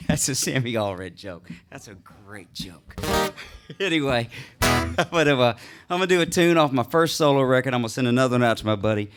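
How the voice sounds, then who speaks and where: A man's voice: medium pitch, lively intonation, moderate pace, over music. A man from Houston, a singer-songwriter easily telling stories between songs at a live gig, with plenty of fillers and restarts. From Houston, Texas. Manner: easygoing storyteller with many fillers and restarts. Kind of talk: stage banter between songs. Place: live music venue.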